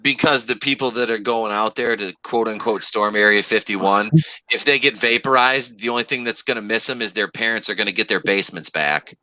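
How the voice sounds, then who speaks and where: Brash low-voiced man in casual banter. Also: fairly quick, sharp tone, no echo, rough recording. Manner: brash, crude, laughs often. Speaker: podcast co-host.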